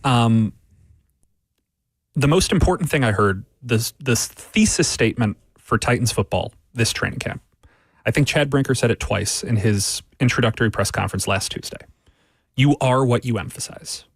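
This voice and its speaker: A man talking football on sports radio as a writer, laying out his argument with repeated phrases and quick asides. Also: medium pitch, lively intonation, slightly rough, dry recording.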